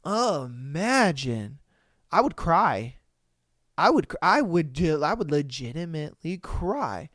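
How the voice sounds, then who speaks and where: A young man hosting a live podcast, chatting casually, animated and profane with frequent laughter. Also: fairly high pitch, takes it slowly, no echo, studio quality. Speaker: podcast host. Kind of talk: casual live-stream chat.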